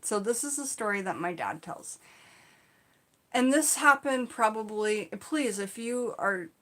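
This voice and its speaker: A woman casually telling personal stories in an animated, chatty way, full of "like" and "you know". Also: medium pitch, measured pace. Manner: animated, chatty, acts out her own shouts in the retelling; frequent fillers like "like" and "you know". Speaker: storytelling channel host.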